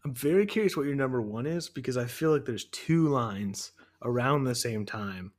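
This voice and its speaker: A man's voice: medium pitch, animated, normal speed. Enthusiastic man in casual podcast chat. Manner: enthusiastic, profane, rambling. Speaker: podcast co-host.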